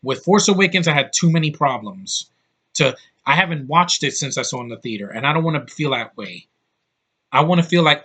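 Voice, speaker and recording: Exasperated man ranting, bright and tense. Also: medium pitch, animated, fairly quick, breathy edge. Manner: frustrated, blunt, swearing, exasperated. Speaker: YouTube vlogger. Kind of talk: angry opinion rant.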